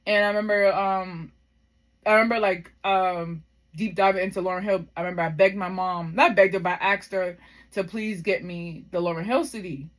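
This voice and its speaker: A woman in her thirties shares a personal story to camera. Her pitch sits mid-range, and she talks in a loose, heartfelt way. She drifts between thoughts with plenty of "like" and "um". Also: steady tone, moderate pace. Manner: heartfelt, reflective, rambling with many fillers. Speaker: vlogger.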